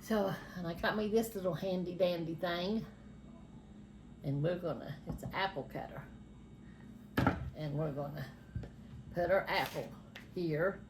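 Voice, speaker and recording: A woman's voice: fairly low pitch, measured pace, pauses often, noisy background. An older woman, a grandmother, chatting homespun through a cooking demonstration in a home kitchen. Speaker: grandmother showing a recipe.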